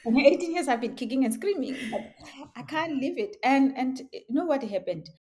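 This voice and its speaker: A middle-aged woman speaks as an interview guest and tells her life story. She is animated and expressive, often breaking into laughter as she talks. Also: sits high, normal speed. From South Africa. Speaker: interview guest, tech education founder.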